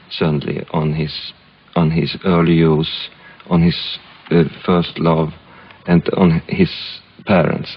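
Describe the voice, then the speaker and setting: A man from Sweden, a film director being interviewed, speaking English with a Swedish accent and pausing often to find his words. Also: a bass voice, slightly rough. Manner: halting, searching for English words. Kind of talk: reflective interview storytelling. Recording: dull lo-fi archival recording.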